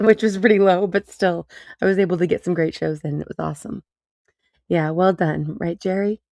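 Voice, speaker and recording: A woman's voice: on the low side, darkish tone, dry recording, clean studio sound. A woman hosting a casual livestream, chatty and encouraging, laughing often as she talks. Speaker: host.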